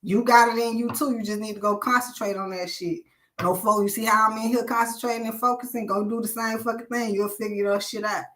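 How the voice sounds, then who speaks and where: Bright-voiced woman ranting bluntly. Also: on the high side, fairly even intonation, fairly quick. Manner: blunt, profane, preachy. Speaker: live stream host. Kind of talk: live stream rant.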